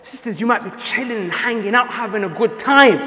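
A man preaching a sermon with impassioned delivery, often rising to near shouting. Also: very high voice, a little fast. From South Asia. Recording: echoey hall.

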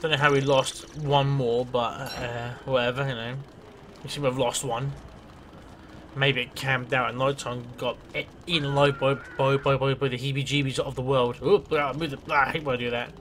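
A man's voice: mid-range voice, little pitch movement, normal speed, a bit bright, a little hiss or hum. A man giving casual gameplay commentary as a let's play host, rambling, swearing freely and talking to himself.

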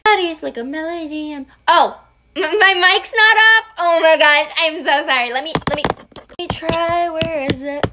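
A woman's voice: very high-pitched, normal speed, background noise. A woman playing a flustered student struggling through a video-call class in a comedy sketch. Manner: hesitant, flustered, many ums.

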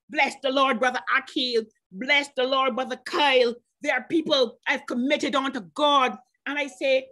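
A woman preaching a sermon at a church service, speaking personally to members of the congregation and stretching out slow scripture quotes between bursts of emphasis. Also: high voice, steady tone, sharp tone. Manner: chatty, personal asides to named congregation members. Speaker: guest preacher.

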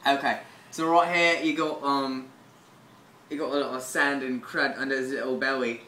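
A man's voice: mid-range voice, fairly even intonation, moderate pace, pushed and bright, echoey room. A man rambling through an improvised comedy bit in a goofy, mock-serious way, full of hesitant fillers. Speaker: comedy video host.

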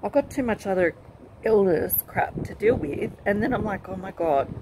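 A woman giving a personal vlog update, talking in an emotional, halting and rambling way. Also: medium pitch, lively intonation, noisy background. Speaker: vlogger. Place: outdoors with passing aircraft.

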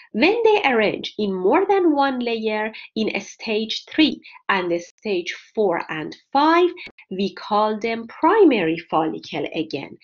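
Slow, deliberate woman lecturing on a dull recording. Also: on the high side. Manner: slow and deliberate, with frequent pauses and fillers. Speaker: anatomy lecturer. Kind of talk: recorded lecture over slides.

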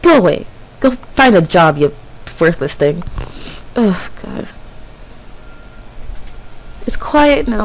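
A woman's voice: mid-range voice, very animated, slow pace, pauses often, slight background noise, low-quality recording. A woman in her early twenties commentating a horror game at home, panicky and self-mocking. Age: early 20s. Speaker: gamer. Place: home, windy night outside.

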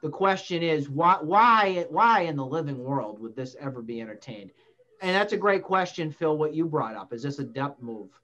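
A man's voice: fairly high pitch, expressive, normal speed, bright, forceful tone, muffled recording. A man hosting a sports talk show in a small public-access studio, ranting bluntly and swearing mildly. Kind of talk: casual sports debate.

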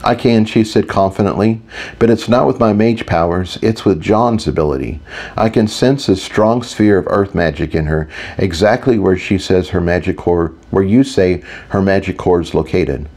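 A man voicing a confident, deadpan young woman mage in an audiobook. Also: deep voice, moderate pace. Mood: calm. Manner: smooth, deadpan. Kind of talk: audiobook character voice.

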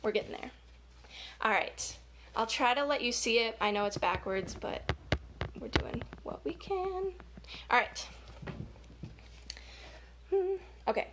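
An upbeat woman hosting a children's story time over a webcam, with a fairly high voice. She talks straight to the kids, giggling easily as she leads them along. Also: sing-song, slow, long pauses, a bit bright.

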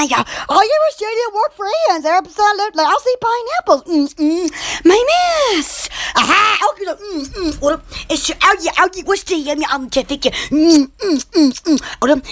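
Woman, rambling excited vlog chat, bright, lively up-and-down voice. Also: very high voice. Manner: gushing, lots of "oh my gosh". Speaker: channel host.

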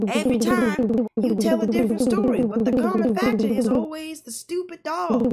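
A woman voicing a stern middle-aged mother with a Southern accent, scolding her son in a loud, drawn-out way. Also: fairly high pitch, pitched above the performer's own voice, natural voice.

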